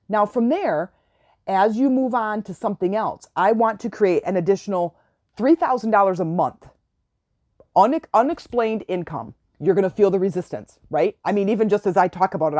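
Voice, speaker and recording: A woman hosting a spiritual self-help podcast, telling stories in a chatty way and breaking into excited exclamations as she instructs her listeners. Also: mid-range voice, normal speed, dry recording, clean studio sound. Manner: gives direct instructions to listeners. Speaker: podcast host.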